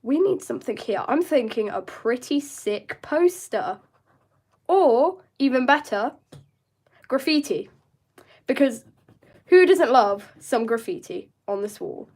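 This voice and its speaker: A woman's voice: fairly high pitch, lively intonation, slow, darkish tone, breathy edge. A young woman chatting through a live drawing tutorial, rambling and joking with her chat. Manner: chatty, self-mocking asides to chat. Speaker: art streamer.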